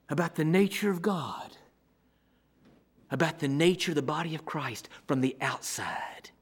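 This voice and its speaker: A man preaching a sermon as pastor, swinging from ringing declarations to hushed near-whispers with a repetitive, measured cadence. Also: a little high.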